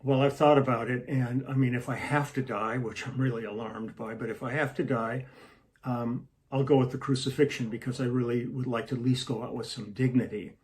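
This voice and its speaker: A man voicing an alarmed, hesitant Jesus in a spoken joke, speaking quietly. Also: mid-range voice, steady tone, a little fast, natural voice. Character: anxious young male Jesus, alarmed.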